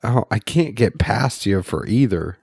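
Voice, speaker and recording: A man co-hosting a casual podcast, arguing and joking in an animated way, then reading a sponsor spot. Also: on the low side, measured pace, creaky, very noisy. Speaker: co-host.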